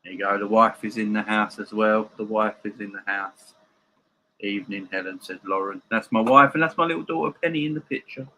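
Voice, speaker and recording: A man's voice: lowish voice, fairly quick, sharp tone, a little hiss or hum, poor audio. A man hosting a live football watchalong from home, chatting casually and bantering with viewers as he reads their comments.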